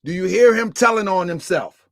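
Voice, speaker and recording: Loud high-pitched man teasing on stream. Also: expressive, normal speed, no room sound, studio quality. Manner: loud, laughing, teasing, repeats himself. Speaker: livestream host. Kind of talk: live stream commentary.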